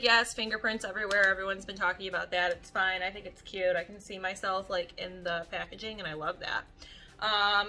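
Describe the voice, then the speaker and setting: A young woman beauty vlogger talking to camera in an animated, chatty way, leaning heavily on "like" as she tells stories. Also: medium pitch. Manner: animated, chatty, heavy use of "like". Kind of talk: casual storytelling chat to camera.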